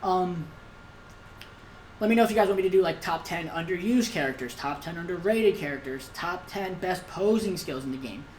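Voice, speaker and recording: A woman's voice: on the low side, animated, moderate pace, darkish tone, a little hiss or hum, poor audio. A woman giving casual gameplay commentary as a YouTuber, ranting with lots of repetition and the odd swear. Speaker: gaming YouTuber.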